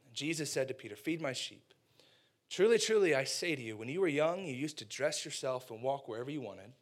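A young man preaching a casual sermon, retelling a story with animated quoted voices and slangy asides. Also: medium pitch, brisk.

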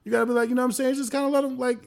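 A man co-hosting a podcast in casual, animated, slang-heavy chat. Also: very high-pitched, racing, creaky. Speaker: podcast co-host.

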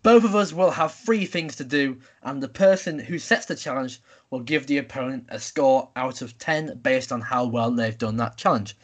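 A man's voice: medium pitch, moderate pace. A young man hosting a casual podcast chat, running a quiz game in an upbeat, announcing way. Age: young adult. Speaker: podcast host.

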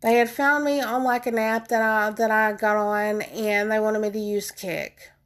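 A woman telling her viewers a personal story in an animated, emphatic, casual way, often calling them y'all. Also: mid-range voice, measured pace. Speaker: vlogger.

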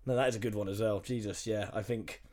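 A man's voice: on the low side, fairly even intonation, fast, a little mellow. A man in casual comedic chat, swearing and ending on tag questions.

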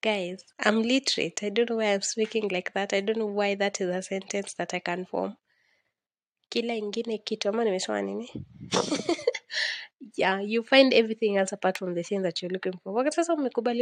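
A woman's voice: mid-range voice, fast, no echo, clean studio sound. A young woman with a Kenyan accent hosting a casual solo podcast, rambling and dramatic, laughing often. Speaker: podcast host.

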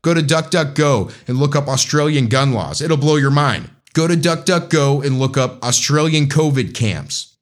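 An American man hosts his own podcast, his pitch climbing and dropping in a lively way. He speaks with passion, pressing his listeners to act. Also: moderate pace. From United States. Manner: impassioned, urging listeners to act. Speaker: podcast host. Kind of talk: political commentary podcast.

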